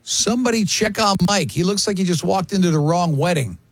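A man's voice: sits high, brisk. A man in his fifties hosting a radio talk show, joking with co-hosts and reading listener comments aloud with frequent laughter. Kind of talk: casual studio banter.

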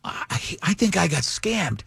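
A man hosting a radio show, telling a story in a casual, animated way and acting out the dialogue. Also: high-pitched, a little slow, creaky, husky, dry recording. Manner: animated, acts out dialogue, many restarts.

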